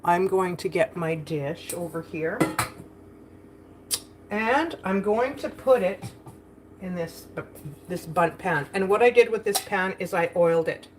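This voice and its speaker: A woman's voice: fairly low pitch, expressive, a little slow, long pauses. Chatty woman vlogging in her kitchen. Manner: chatty, rambling, laughs often. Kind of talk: casual cooking vlog chat. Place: home kitchen.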